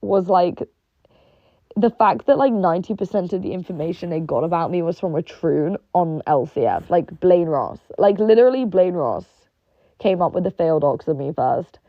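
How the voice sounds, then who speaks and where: A woman's voice: lowish voice, expressive, moderate pace, no room sound. A young woman ranting in a casual monologue, rambling and sarcastic with lots of fillers and swearing. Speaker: online personality. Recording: dull lo-fi dry recording.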